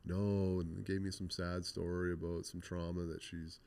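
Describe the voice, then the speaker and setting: A man's voice: deep voice, flat delivery, moderate pace, vocal fry. A man being interviewed, telling his own story in a frank, blunt way. He swears freely and retells scenes by quoting what people said. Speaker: interview guest. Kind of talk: candid conversational storytelling.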